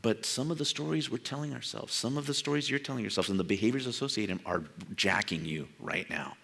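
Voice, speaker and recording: A man's voice: mid-range voice, a little fast, creaky, fairly bright tone, breathy edge. An older man from San Jose preaching a sermon in a conversational way, acting out quoted dialogue and chuckling at his own asides. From San Jose, California. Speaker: pastor.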